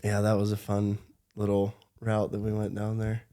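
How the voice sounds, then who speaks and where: A man as a podcast guest in casual chat, easygoing and quick to laugh. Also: fairly low pitch, completely flat delivery, warm tone. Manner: easygoing, laughs until crying.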